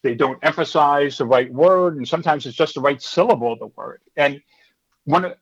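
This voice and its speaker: A man's voice: a little high, normal speed, breathy edge, dull audio. A middle-aged man, a stand-up comedy teacher, telling stories in a chatty, rambling, self-assured way during a casual interview.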